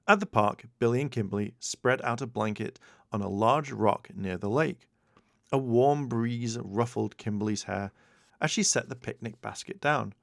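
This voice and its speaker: A man's voice: fairly low pitch, gravelly, dry recording. A man narrating a children's storybook as an audiobook, reading expressively into a close mic. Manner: expressive read-aloud narration.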